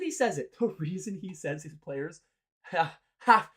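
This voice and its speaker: A man's voice: fairly high pitch, expressive, normal speed, a bit bright. A young man hosting a hockey show, ranting in an exasperated, sarcastic way. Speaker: hockey podcast host. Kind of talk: ranting sports commentary.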